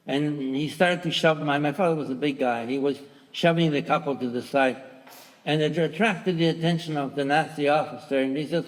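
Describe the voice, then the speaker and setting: Elderly man testifying in an echoing theatre. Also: on the high side. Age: 90s. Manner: halting, with restarts, voicing quoted dialogue louder. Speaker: Holocaust survivor giving testimony. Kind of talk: personal testimony to a large audience. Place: large theatre stage. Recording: long theatre reverb.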